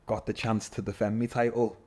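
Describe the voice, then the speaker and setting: Scouse guy in his 30s, slightly low voice, animated storyteller, keeps saying lad. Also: brisk. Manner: animated, swears, says "lad" constantly. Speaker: podcast guest, MMA fighter. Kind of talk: casual storytelling interview.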